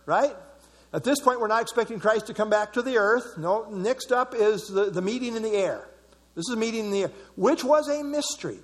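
With a high voice trailed by a long reverb tail, a pastor preaches a sermon conversationally, repeating phrases for emphasis.

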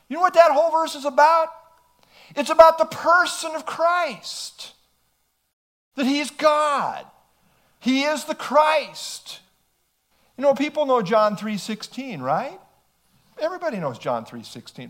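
Animated high-voiced man preaching a sermon. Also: measured pace. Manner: emphatic, asks the listeners rhetorical questions.

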